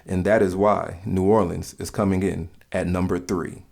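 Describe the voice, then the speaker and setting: A man narrating in a calm, measured, scripted way, explaining things to the listener. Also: deep voice, vocal fry, slight background noise.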